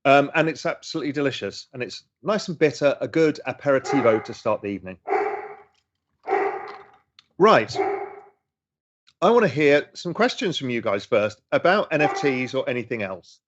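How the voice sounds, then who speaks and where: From a room at home, a middle-aged livestream host reads out chat questions and answers with enthusiasm, pausing often. His mid-range voice is animated and at normal speed, over a noisy background and slightly dull lo-fi audio.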